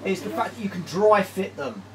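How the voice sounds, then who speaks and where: A man's voice: high voice, expressive, a little fast. A man chatting playfully with joking asides while building models. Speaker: podcast host building scenery. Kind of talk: casual chat. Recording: distant mic, noisy room ambience.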